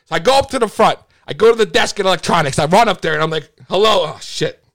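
A man hosting a live stream rambles through a long tale, casual and profane, often starting sentences over. He talks quickly in a high-pitched, gravelly voice that's a bit bright.

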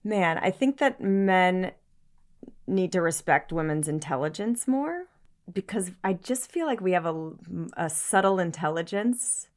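A woman's voice: lowish voice, expressive, unhurried, darkish tone. Earnest woman searching for words. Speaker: guest. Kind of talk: casual conversation.

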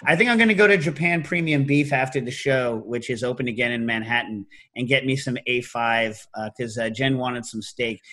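A middle-aged man hosting a podcast, telling stories in a casual, animated way and breaking into loud shouted impressions. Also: medium pitch, brisk, few pauses. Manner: animated storytelling, mimics loud New York shouts. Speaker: podcast host. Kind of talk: casual chat.

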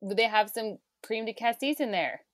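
A woman co-hosting a podcast in casual chat, giving quick reactions and playful asides. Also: a little high. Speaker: podcast co-host.

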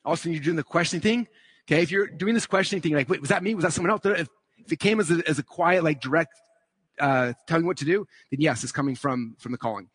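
A man giving a live conference talk, teaching quickly and checking in with "okay?" and "right?" as he draws on slides. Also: on the high side, fairly bright tone, husky, no room sound. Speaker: speaker at a conference.

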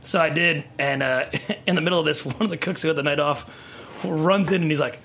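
A man's voice: a little high, brisk, a little hiss or hum. A man in his thirties telling stories in a casual studio podcast chat, acting out what others said and laughing often. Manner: animated storyteller acting out quotes, laughing often. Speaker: tequila brand ambassador.

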